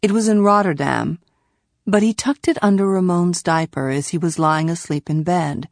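A woman voicing a calm, gentle young man who speaks softly and low in an audiobook reading. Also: moderate pace, no echo, clean studio sound, natural voice. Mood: hushed. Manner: soft, hushed, gentle. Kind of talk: audiobook character voice.

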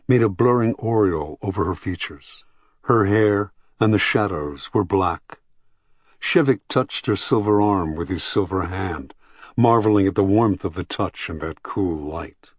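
A man narrating a novel in a measured, expressive way. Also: deep voice, dry recording, studio quality. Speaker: audiobook narrator. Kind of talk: scripted narration.

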